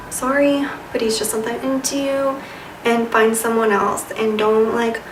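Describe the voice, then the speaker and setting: Young female vlogger, sassy and chatty, bright voice, recorded a bit far off in a roomy space. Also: a little high, little pitch movement, a little slow, noisy background. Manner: chatty, lots of "like" and "you know", sassy asides. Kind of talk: casual advice chat. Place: room with a white wall. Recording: echoey room, voice a bit off-mic.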